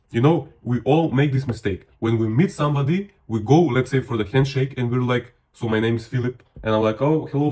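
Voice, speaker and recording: A man's voice: medium pitch, darkish tone. A young man, not a native English speaker, giving a blunt, slangy self-improvement talk, full of "you know" and the odd laugh. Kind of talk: casual motivational talk.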